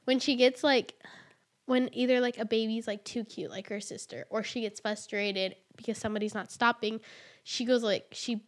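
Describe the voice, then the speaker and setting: A woman's voice: a little high, steady tone, moderate pace. A woman in her twenties, a young mother, talking earnestly and chattily as a podcast guest, with many "like"s and "you know"s. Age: 20s. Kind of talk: casual podcast conversation.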